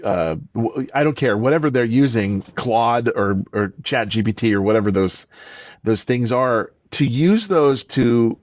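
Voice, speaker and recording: A man's voice: medium pitch, no echo. A man who is an author and voice actor, telling stories emphatically as a podcast interview guest.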